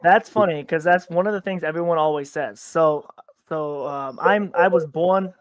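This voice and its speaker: A man's voice: fairly high pitch, normal speed, clear, resonant tone, no room sound. A man from upstate New York hosting a podcast in casual chat, rambling with many restarts and stammered repeats. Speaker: podcast host.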